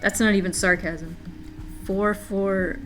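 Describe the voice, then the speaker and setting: A woman's voice: medium pitch, fairly even intonation, slow pace, a bit bright, faint music behind. A woman streamer giving casual, chatty gameplay commentary, thinking aloud and joking at her own expense. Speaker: game streamer.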